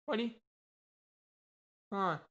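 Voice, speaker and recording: A man's voice: high-pitched, slow, pushed and bright, pitched above the performer's own voice, exaggerated voice. A man voicing a rude, cocky cursing parrot that squawks insults. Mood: jeering. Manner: squawky, jeering taunts.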